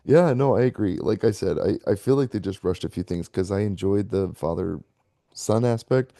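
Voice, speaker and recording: A man with a low, gravelly, mellow voice co-hosts a relaxed movie chat. He is chatty and laughs easily, defending himself with good humor. The recording is dry and close. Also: normal speed, no room sound. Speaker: podcast co-host. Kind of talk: casual movie-review chat.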